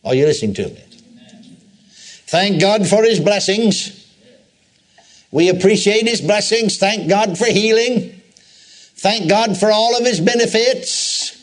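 A man's voice: high voice, a little slow, pauses often. A male preacher giving a sermon in a folksy storytelling way, with repeated phrases and asides to the congregation.

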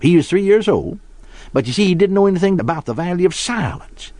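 Folksy preacher with a lively voice. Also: male voice, sits high, a little fast, no room sound. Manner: folksy storytelling preacher, acts out quoted voices. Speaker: pastor. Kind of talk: sermon.

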